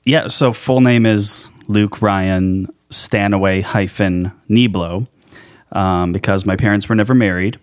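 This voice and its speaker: A man's voice: on the low side, fairly even intonation, unhurried, no echo, studio quality. A man guesting on a podcast as an actor, chatting casually and playfully, laughing often and slipping into impressions. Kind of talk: casual chat.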